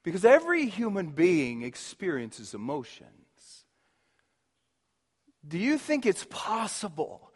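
High-voiced impassioned preacher in a reverberant hall. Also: male voice, expressive, measured pace. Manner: impassioned, swings from loud emphasis to hushed near-whisper. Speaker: pastor. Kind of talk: sermon.

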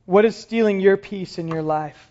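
A pastor preaching a sermon to his congregation, moving between soft, quiet lines and emphatic, raised passages. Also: high-pitched, moderate pace, muffled recording. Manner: dramatic shifts between soft and emphatic delivery.

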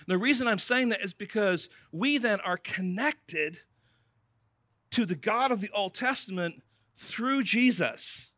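A man's voice: sits high, expressive, measured pace, pushed and bright, no echo, clean studio sound. A man preaching a sermon in a conversational way, calling his listeners friends. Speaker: pastor.

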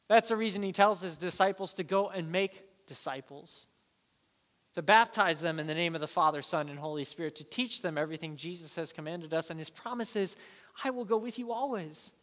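Brief: male pastor in his thirties, sermon storyteller, bright tone, long hall reverb. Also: a little high. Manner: animated storyteller, acts out voices.

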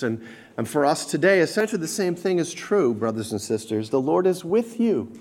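A man preaching a sermon, earnestly explaining scripture and slowing down and growing louder when he quotes it. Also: a little high, very animated.

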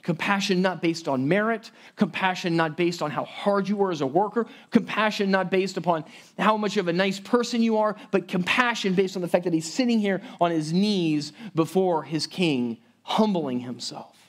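A pastor with a high-pitched male voice delivers a sermon at a normal pace. His style is conversational and emphatic, with frequent restarted phrases and asides tossed to his listeners.

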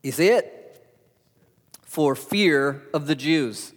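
A man preaching a sermon as pastor, asking rhetorical questions and swinging between loud and soft. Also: a little high, takes it slowly. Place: church hall. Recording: long hall reverb.

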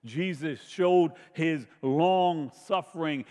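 A man preaching with a fairly high voice, slow and emphatic, rising into loud questions and sinking to near whispers. His words ring out with a long reverb, as in a large church hall. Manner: slow, emphatic preaching with dramatic swells and hushed drops. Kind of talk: sermon.

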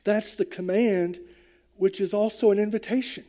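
A man's voice: sits high, steady tone, normal speed, warm tone. An older man preaching a sermon to his congregation in church, earnest and conversational, with hesitant fillers. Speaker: pastor.

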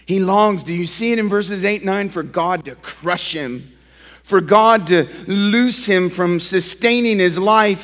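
Male pastor, slow and emphatic, moving between loud and hushed, pitched a little high, reverb of a large hall. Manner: asks listeners direct questions. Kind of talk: sermon.

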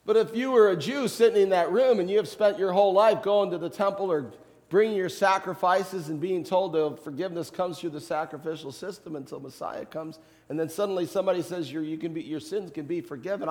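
A man's voice: sits high, a little fast, darkish tone, long reverb tail. A man, a pastor, preaching a sermon in a conversational way, with rhetorical questions and light humor.

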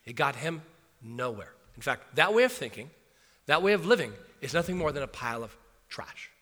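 A man's voice: mid-range voice, very animated, normal speed, sharp tone, long reverb tail. A man preaching a sermon, reading scripture aloud and then explaining it in a conversational way. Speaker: pastor.

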